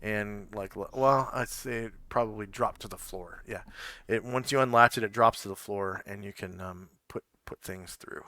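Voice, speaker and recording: A man running a tabletop game, describing scenes haltingly with many fillers. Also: fairly low pitch, bright, forceful tone, no room sound, studio quality. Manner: hesitant, full of fillers. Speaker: game master. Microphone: home microphone on a live stream.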